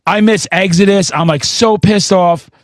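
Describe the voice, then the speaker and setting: A man hosting a metal podcast, telling stories in a profane, excitable way and breaking into shouts. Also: high-pitched, unhurried, no room sound. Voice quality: profane, excitable storyteller, swears constantly. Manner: bursts into shouting mid-story. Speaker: podcast host. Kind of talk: casual interview chat.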